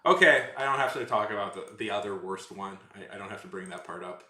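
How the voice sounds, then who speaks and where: A man's voice: fairly low pitch, fast talker, sharp tone. A man chatting casually with his live chat while streaming, rambling with self-corrections and sarcastic asides. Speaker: livestreamer. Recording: roomy echo.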